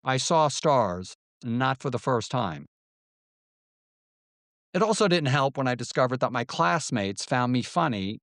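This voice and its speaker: A man's voice: mid-range voice, fairly bright tone, dry recording, clean studio sound. A man narrating his own memoir in a wry storytelling manner, now and then voicing quoted lines. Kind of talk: audiobook memoir reading.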